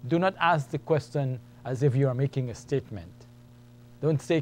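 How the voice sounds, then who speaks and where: With a medium-pitched voice and a brisk delivery, a man teaches Arabic to beginners in a classroom lesson, going through each point patiently and repeating it step by step. There's a little hiss or hum in the audio.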